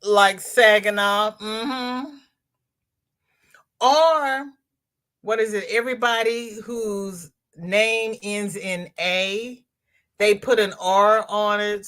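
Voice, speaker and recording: Slow easygoing lady rambling on a crochet livestream, reading chat out loud. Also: mid-range voice. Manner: chatty, rambling, laughs often, reads comments aloud. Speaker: crochet channel host reading live chat.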